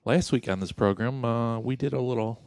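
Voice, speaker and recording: A man co-hosting a casual podcast, talking in a dry, self-deprecating ramble full of fillers. His voice sits at a middle pitch. The sound is dry, with no room echo. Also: brisk, a little mellow. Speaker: podcast co-host.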